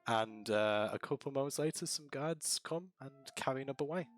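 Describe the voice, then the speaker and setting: A man narrating a tabletop game as game master over a voice call, relaxed and rambling with many fillers. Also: mid-range voice, moderate pace, faint music behind.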